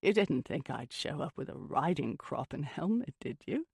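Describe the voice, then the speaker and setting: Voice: medium pitch, very animated, normal speed, creaky, darkish tone, husky, no echo, clean studio sound, full character voice. An audiobook reader voicing a mischievous older woman who owns a mansion, cooing and amused and calling everyone darling. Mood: teasing. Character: mischievous older mansion lady, playful and teasing.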